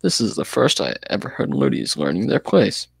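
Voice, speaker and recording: A cool young gang member questions the others sharply, as a man reads him out. His voice is gravelly and husky. The sound is dry. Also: fairly low pitch, wildly swooping pitch, moderate pace, dry recording, full character voice. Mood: questioning.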